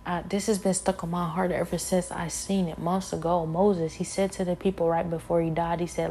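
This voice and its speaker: A woman delivers an impassioned sermon in a low, warm, mellow voice. She sounds worn out and weary. She hammers her points through repetition and builds to emphatic, forceful peaks. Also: little pitch movement, a little fast, few pauses, a little hiss or hum.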